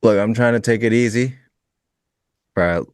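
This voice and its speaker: A man's voice: lowish voice, measured pace, clean tone, no echo, clean studio sound. A man trading futures on a live show, chatting casually and laughing often. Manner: relaxed, rambling, laughs often. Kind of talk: casual live-stream chat while trading.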